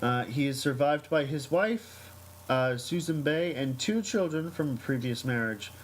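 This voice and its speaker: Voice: medium pitch, unhurried, poor audio. A podcast host with a mid-range voice reads a news item aloud, stumbling over ums and uhs, then slips into a loose, chatty story. The delivery is casual and unpolished, with a faint hum of noise behind it. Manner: hesitant, many ums and uhs.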